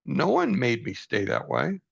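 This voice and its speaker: A man's voice: mid-range voice, wildly swooping pitch, measured pace, vocal fry, husky. An older man reading from a book aloud and reflecting on it in an earnest, folksy, self-deprecating way, on a dull lo-fi recording. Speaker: book study host.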